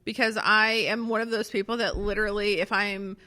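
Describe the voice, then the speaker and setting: A young woman co-hosting a podcast in casual chat, talking quickly with lots of "like" fillers. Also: mid-range voice, little pitch movement, sharp tone. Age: young adult. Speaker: podcast co-host.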